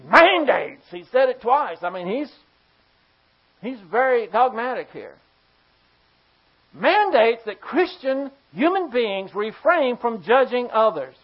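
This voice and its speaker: A preacher delivers a forceful sermon and keeps turning to the congregation with pointed rhetorical questions. The voice sits at a middling pitch. The recording sounds a little dull and lo-fi. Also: animated, slow pace, long pauses. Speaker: pastor.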